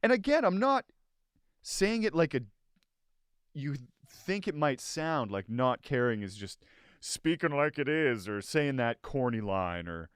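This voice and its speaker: A man in his forties chats casually as a podcast host, with a middle-pitched voice. He tells stories with energy and slips into other people's lines as he goes. The sound is dry and close, with little room echo. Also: measured pace, clean tone. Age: 40s. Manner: animated storyteller who acts out other people's lines. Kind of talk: casual chat. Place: living room.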